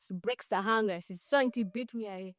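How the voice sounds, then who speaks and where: A young Ugandan woman co-hosting a podcast, telling a family story in a relaxed, frank way that is full of "you know.". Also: medium pitch, normal speed, no echo. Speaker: podcast co-host. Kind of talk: casual storytelling chat.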